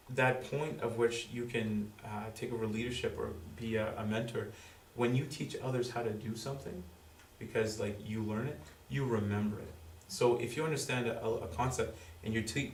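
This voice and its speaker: Man presenting to parents in roomy hall. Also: medium pitch. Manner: halting, filler-heavy explaining. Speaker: school presenter. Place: school room with audience. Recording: roomy, distant, faint background noise.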